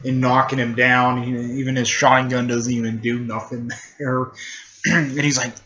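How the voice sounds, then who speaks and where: A man retelling a fan story in a rambling, halting way, full of fillers and restarts. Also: mid-range voice, little pitch movement, sharp tone, muffled recording. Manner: halting, filler-heavy, repeats "technically" and "there".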